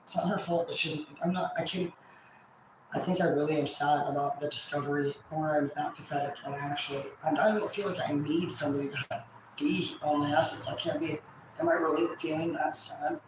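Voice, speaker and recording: A woman in her forties venting on a livestream in rambling, profane, halting speech. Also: sits low, fairly even intonation, very echoey, noisy background.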